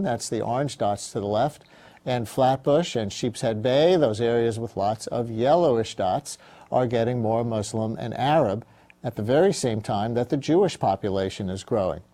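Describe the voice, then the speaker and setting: A man hosting a TV interview, reading a measured scripted intro then asking quick questions in a studio. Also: mid-range voice, mellow. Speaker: host.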